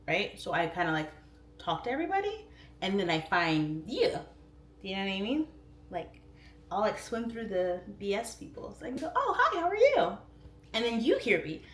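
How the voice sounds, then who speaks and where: A middle-aged woman hosting a livestream, rambling casually and swooping into high voices when she quotes herself. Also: roomy sound. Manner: chatty, rambling, warm-hearted talk with frequent "like" fillers. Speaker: livestream host. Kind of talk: casual chat. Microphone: phone or webcam.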